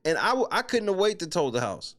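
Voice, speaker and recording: Animated, profane man hosting commentary. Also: high voice, fast. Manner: animated, profane, exclaiming in disbelief. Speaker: host. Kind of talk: casual commentary on a reality show.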